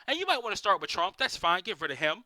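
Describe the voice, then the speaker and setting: High-pitched, animated ranting man. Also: fast. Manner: profane, exasperated ranting with rhetorical questions. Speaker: amateur stand-up comic. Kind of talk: stand-up comedy rant.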